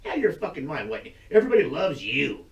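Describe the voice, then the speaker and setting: A man's voice: a little high, sing-song, fast, recorded from a distance, muffled recording. Blunt, profane man ranting to camera. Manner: profane, blunt, rambling, laughs often. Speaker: YouTube channel host. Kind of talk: casual rant to camera. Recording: roomy sound, voice away from the mic.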